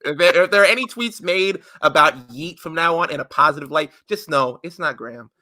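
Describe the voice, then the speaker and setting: A man's voice: fairly high pitch, brisk, pushed and bright, no echo. A man co-hosting a podcast in casual chat, joking loosely as he reads out listener answers. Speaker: podcast co-host.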